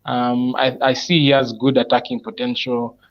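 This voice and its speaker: Guy thinking out loud about his picks, lots of pauses, mid-pitched voice, audio a bit muffled and lo-fi. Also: little pitch movement. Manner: thinks aloud, explains picks step by step with many pauses. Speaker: panelist presenting his fantasy football team. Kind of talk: casual online chat.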